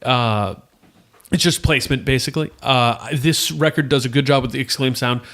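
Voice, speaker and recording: A man in a casual podcast conversation, speaking at an ordinary middle pitch. He talks in an easygoing, agreeable way, building his points loosely and conversationally. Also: moderate pace, fairly bright tone. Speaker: podcast co-host. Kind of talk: casual chat about hardcore records.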